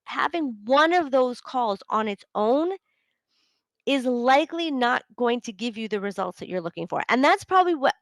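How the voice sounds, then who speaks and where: Woman host, 30s, relationship coach; casual, filler-heavy, slightly high, dry close recording. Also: lively intonation, moderate pace, no room sound, poor audio. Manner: chatty, many fillers, acts out quoted inner thoughts. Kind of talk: casual live coaching talk.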